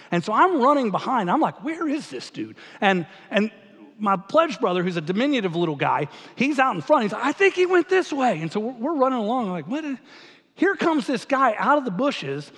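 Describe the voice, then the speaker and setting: A man's voice: very high-pitched, a bit bright. A male pastor telling a story in a sermon, acting out the dialogue and laughing at his own story. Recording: long reverb of a large hall.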